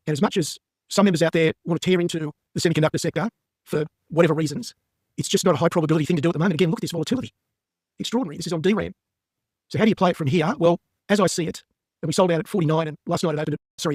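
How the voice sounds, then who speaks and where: A man giving members a brisk, emphatic market update while walking through stock charts. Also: fairly high pitch, darkish tone, husky, dry recording, clean studio sound. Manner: brisk and emphatic, plain-spoken.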